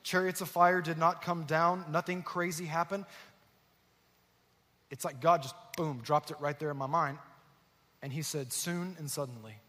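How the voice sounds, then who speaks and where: A man's voice: a little high, fairly even intonation, normal speed, pauses often, pushed and bright. A man preaching a sermon as a pastor, telling a story and acting out the voices of the people in it. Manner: storytelling, acting out quoted voices with rising intensity. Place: church auditorium. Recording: long reverb in a large hall.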